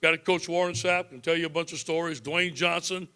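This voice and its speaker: Speaking to a club crowd, a 50s-aged football coach tells folksy tales with lively energy and frequent chuckles. His voice leans high, runs a little fast, and sounds clean.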